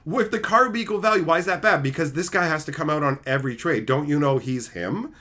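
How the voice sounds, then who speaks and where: A man's voice: a little high, fairly quick, pushed and bright. A man hosting a livestream, ranting heatedly and profanely while answering chat. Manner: answers chat between rants. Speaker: streamer host.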